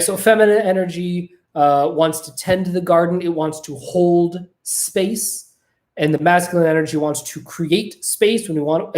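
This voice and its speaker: An animated podcast host talks casually on camera from a home desk. The voice sits at a middle pitch, and the talk runs loose and profane, with "right?" tossed in again and again. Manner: animated, swears freely, asks "right?" over and over.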